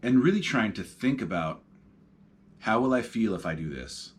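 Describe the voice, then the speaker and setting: Relaxed on his home couch, a man in his thirties hosts a podcast alone, rambling and reflecting with frequent fillers. He speaks with a fairly low, expressive voice at a moderate pace, and there's a little hiss or hum.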